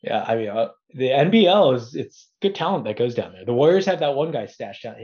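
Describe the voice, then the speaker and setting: A man who is a podcast guest, talking sports in a relaxed, joking way. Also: medium pitch, a little fast, highs cut off. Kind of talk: casual sports chat.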